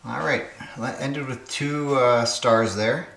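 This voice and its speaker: A man's voice: mid-range voice, steady tone, takes it slowly, creaky, fairly bright tone, echoey room. A man hosting his own puzzle channel, thinking aloud and muttering to himself as he solves word games. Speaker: puzzle game channel host. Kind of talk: casual solo puzzle-solving commentary.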